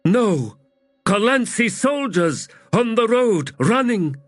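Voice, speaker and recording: A man voicing a towering, brash female giant warrior with a loud, stentorian voice and blunt, clipped speech, in an audiobook. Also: sits high, sing-song, takes it slowly, dry recording, clean studio sound, faint music behind, pitched above the performer's own voice, full character voice.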